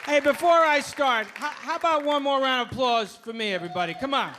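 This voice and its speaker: A man's voice: very high voice, a little fast. A man performing stand-up at a comedy club, delivering dry, sarcastic one-liners. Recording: live club recording with crowd noise.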